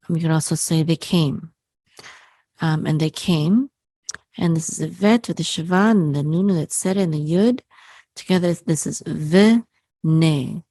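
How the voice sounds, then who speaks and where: A woman's voice: sits low, darkish tone, no echo. A woman teaching a Hebrew lesson, spelling out letters and vowels patiently with frequent ums.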